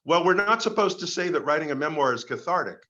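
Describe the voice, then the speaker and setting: Bright-voiced man asking questions on a call. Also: fairly high pitch, lively intonation, muffled recording. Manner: halting, repeats words while thinking. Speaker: audience member asking questions. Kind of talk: casual discussion on a video call.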